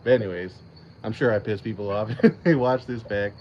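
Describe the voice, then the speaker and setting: A man's voice: lowish voice, fairly quick, muffled recording, slight background noise. Profane, rambling man on a casual stream. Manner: rambling, profane, laughs often. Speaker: channel host. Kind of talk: casual livestream chat.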